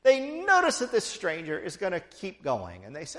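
Man, preacher, sermon, lively storytelling, high voice. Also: normal speed. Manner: animated storytelling with playful asides.

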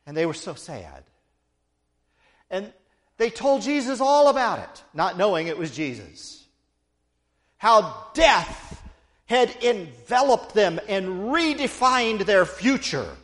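A man's voice: high-pitched, sing-song, slow pace, a bit bright. A man preaching a sermon, retelling a story with playful asides to the congregation.

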